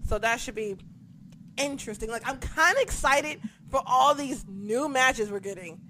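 Excitable swearing woman reviewing wrestling. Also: sits high, moderate pace, a little hiss or hum. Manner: excitable, swears a lot, loses track of names. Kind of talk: casual chat.

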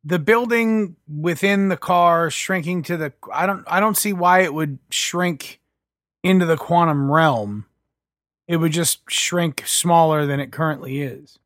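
A man's voice: fairly high pitch, unhurried, a bit bright, no room sound, studio quality. A man co-hosting a casual podcast, picking apart logic in an argumentative way. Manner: argumentative, picky about logic. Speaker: podcast co-host. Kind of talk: casual chat.

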